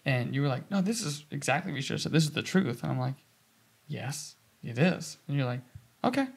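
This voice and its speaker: Gravelly young man telling stories. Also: mid-range voice, fairly quick. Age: 20s. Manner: animated storytelling, acting out quoted dialogue. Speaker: podcast co-host. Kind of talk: casual chat.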